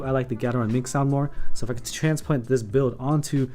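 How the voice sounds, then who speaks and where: A man's voice: mid-range voice, fairly even intonation, fast talker, mellow, soft background music. A man chatting casually on a live stream from his desk at home, answering chat and correcting himself as he goes, speaking into a condenser mic in a room with sound panels in a corner. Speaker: keyboard streamer. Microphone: condenser microphone at desk.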